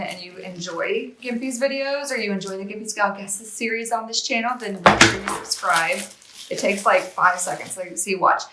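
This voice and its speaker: A woman's voice: mid-range voice, bright, forceful tone, roomy sound, slight background noise. A woman chatting casually as a regular presenter, reading out a board game box with rambling, self-deprecating asides.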